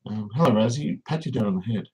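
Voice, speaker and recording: A man's voice: lowish voice, lively intonation, fast, darkish tone, low-quality recording. An Australian man hosting a casual livestream, rambling and reading viewers' comments aloud as he answers them. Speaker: livestream host.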